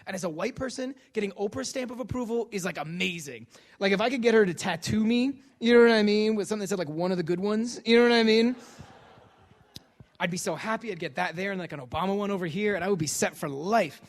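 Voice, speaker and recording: Male lecturer, high voice, animated comic storyteller who acts out the people he quotes. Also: fast talker. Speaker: guest lecturer and author.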